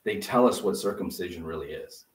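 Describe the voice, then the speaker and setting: A male pastor preaching a sermon, often pausing to let the congregation fill in a word. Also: sits low, expressive. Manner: interactive preaching, prompting the congregation to fill in words. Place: church. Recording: roomy sound from a distant mic.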